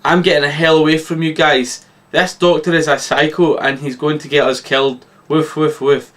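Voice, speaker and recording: Brief: rebellious talking cartoon dog, deadpan storybook read, a man voicing him. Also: a little high, normal speed, close to an everyday voice. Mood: defiant. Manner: flat read-aloud delivery.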